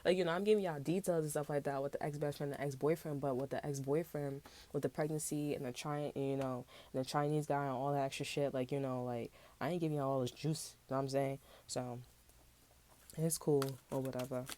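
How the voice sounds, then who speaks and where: A woman with a low, mellow voice gives a casual tarot reading. She rambles along in loose slang, swearing freely as she talks straight to her viewers. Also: fairly even intonation, brisk. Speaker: tarot reader.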